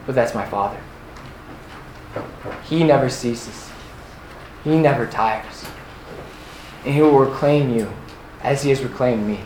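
A man's voice: mid-range voice, a little slow, long pauses, darkish tone, a little hiss or hum. A young man giving an earnest, personal testimony as a retreat speaker, with many fillers. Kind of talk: faith talk to a youth audience. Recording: echoey room with faint ambience.

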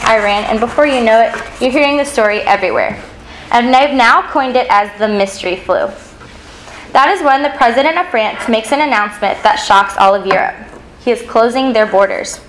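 Storyteller: woman, higher voice, earnest suspenseful delivery, faint room noise. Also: a bit bright, low-quality recording. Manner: earnest, suspenseful, slows for dramatic moments. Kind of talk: dramatic second-person storytelling.

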